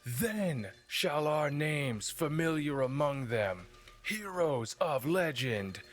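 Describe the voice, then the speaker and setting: A man's voice: a little high, expressive, slow pace, soft background music, pitched above the performer's own voice. A man voicing a fierce, battle-hardened knight commander giving a harsh war speech to his troops. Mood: rousing.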